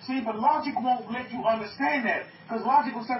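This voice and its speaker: Guy preaching, high voice, keeps asking the crowd stuff, echoey muffled room, mic far away. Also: fairly quick, slight background noise. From North America. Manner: emphatic, repeats phrases, asks the audience questions. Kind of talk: sermon to an online group.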